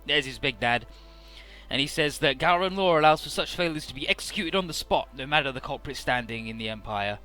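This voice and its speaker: A chatty man recaps a game's plot in a relaxed let's-play style, peppering it with fillers. His voice sits a bit high and sounds bright and sharp. Quiet game music runs behind him. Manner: chatty, fills with "uh" and "he's like". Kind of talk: casual game story recap.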